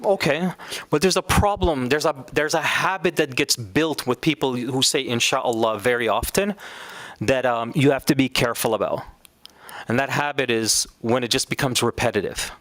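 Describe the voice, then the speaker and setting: A man teaching a class in a lively lecture, often putting questions to his students. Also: mid-range voice, moderate pace, no room sound. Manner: animated, asks the class questions.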